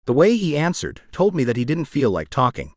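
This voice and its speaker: Expressive male audiobook narrator. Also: mid-range voice, a little fast, no echo, studio quality. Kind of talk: first-person scripted narration.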